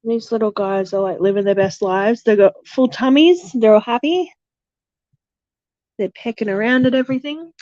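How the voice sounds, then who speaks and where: A woman's voice: a little high, normal speed, mellow, dry recording, muffled recording. Chatty woman tending fish tanks. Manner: chatty and self-deprecating, coos at her fish and cat. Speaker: streamer. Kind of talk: casual chat while tending fish tanks. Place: home room with fish tanks.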